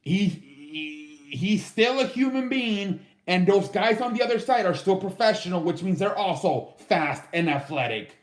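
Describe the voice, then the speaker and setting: A man's voice: high voice, animated, measured pace, hardly any pauses, echoey room. A man casually ranking football teams on his own show, loose and profane, with lots of fillers. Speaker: sports show host. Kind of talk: casual sports commentary.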